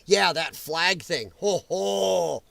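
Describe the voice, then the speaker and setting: A man's voice: sits high, takes it slowly, creaky, a bit bright, dry recording. A man hosting a political commentary livestream, ranting in a heated, sarcastic and mocking way. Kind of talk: livestream rant.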